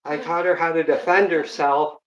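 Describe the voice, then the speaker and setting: A man live-streaming a home workout, counting reps aloud and telling animated family stories in casual chat. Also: fairly high pitch, normal speed, highs cut off. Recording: roomy echo.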